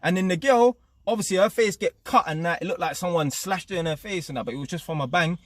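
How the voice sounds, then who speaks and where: A young man hosts his own channel and rants to camera. His voice sits a little high, and the sound is close and dry with no room around it. He talks in street slang and keeps tacking tag questions onto his sentences. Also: quick pace, fairly bright tone, no room sound. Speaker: channel host. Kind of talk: casual opinion rant to camera.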